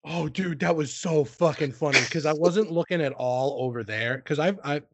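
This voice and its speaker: A man's voice: a little high, moderate pace, background noise. A man hosting a podcast, telling rambling, self-deprecating stories in casual chat and swearing freely. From United States. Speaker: streamer and podcast host.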